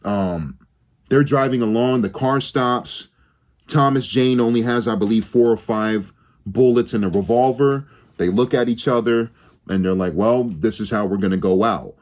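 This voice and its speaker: A man's voice: medium pitch, a little mellow. A young man giving a rambling, casual film review on his channel, swearing freely and often restarting his sentences. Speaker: movie review vlogger.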